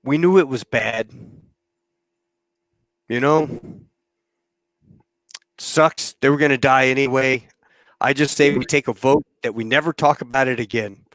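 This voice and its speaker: A man playing a gruff older male pilot who delivers a prank with blunt, deadpan talk and swearing. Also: mid-range voice, measured pace, pauses often, dry recording, natural voice.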